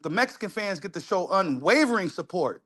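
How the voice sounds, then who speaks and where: A man's voice: high-pitched, big pitch swings, fairly quick, a bit bright. A man giving casual reaction commentary, repeating phrases and swearing for emphasis. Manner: repetitive, emphatic, profane street talk. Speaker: host reacting to video.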